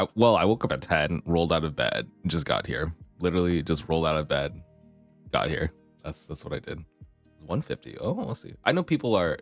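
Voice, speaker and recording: A male streamer chatting casually and rambling with his viewers, his voice deep and gravelly from the morning, keyboard clicks on a desk mic. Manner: rambling, chatty, self-deprecating. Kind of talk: casual live-stream chat. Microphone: desk mic, keyboard clicks audible.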